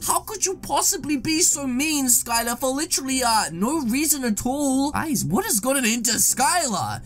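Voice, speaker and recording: High, lively woman gaming host. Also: moderate pace, few pauses. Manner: dramatic, excitable, exaggerated reactions. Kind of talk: excited gameplay commentary.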